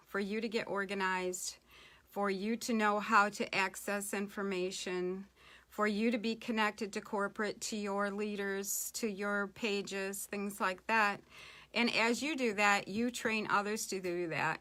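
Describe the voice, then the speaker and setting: A middle-aged woman coaching her team in a relaxed, chatty way, pausing with ums and asides as she goes. Her voice is bright and clear, sitting at an ordinary pitch for a woman. She talks plainly, like a team leader walking newcomers through the basics. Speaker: network marketing team leader. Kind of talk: casual business training talk.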